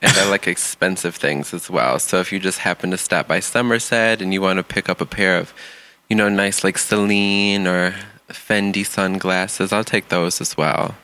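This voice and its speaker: Co-host, male, bright forceful tone, teasing and sassy. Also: sits low, fairly even intonation, moderate pace, poor audio. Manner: playful, teasing, sassy, laughs often. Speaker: podcast co-host. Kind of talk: casual podcast chat.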